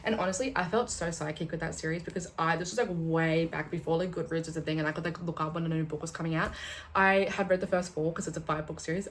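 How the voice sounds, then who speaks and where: Young female vlogger, lower register, chatty and excitable, casual swearing. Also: slight background noise. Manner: rambling, excitable, swears and laughs often. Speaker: booktuber.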